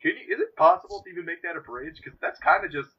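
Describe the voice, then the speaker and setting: A young man co-hosting a casual podcast, jokey and rambling, with a husky voice. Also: on the high side, wildly swooping pitch, fast. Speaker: podcast co-host. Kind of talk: casual banter. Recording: dull lo-fi home mic.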